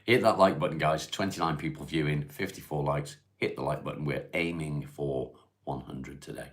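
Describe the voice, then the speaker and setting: A man from Cheshire, hosting a casual livestream, reading viewers' comments aloud and answering them in a laid-back, unhurried way. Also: a bass voice, steady tone. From England (Cheshire). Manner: laid-back, unhurried, reads chat questions aloud then answers plainly. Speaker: livestream host. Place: at home, smoking while streaming.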